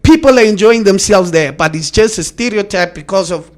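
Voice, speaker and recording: A man, a comedian co-hosting a casual studio chat and telling stories in an animated way. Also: sits high, fairly quick. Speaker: radio show co-host and comedian.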